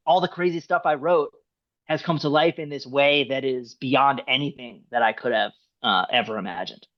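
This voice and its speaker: A man's voice: medium pitch, moderate pace. A man, a screenwriter, talking casually in an interview, rambling with many restarts. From United States. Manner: rambling, restarts often, animated. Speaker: screenwriter guest. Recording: dull lo-fi sound.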